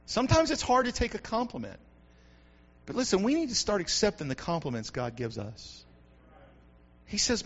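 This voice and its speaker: A male pastor delivering an animated sermon, repeating phrases for emphasis and building up to shouts. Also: high voice, moderate pace, pauses often, dull audio.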